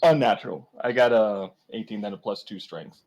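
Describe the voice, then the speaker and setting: A man's voice: on the low side, moderate pace, darkish tone, rough recording. A man playing a tabletop game, talking casually, swearing freely and laughing easily. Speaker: player.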